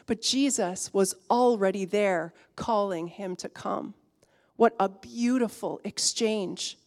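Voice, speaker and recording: A woman preaching a sermon in an earnest way, rising to emphatic peaks and then dropping soft. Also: fairly high pitch.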